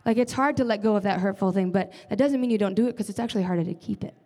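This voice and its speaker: A woman's voice: medium pitch, racing, dark tone. A young woman giving an earnest, conversational sermon as a church leader, often adding casual fillers. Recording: long reverb of a large hall.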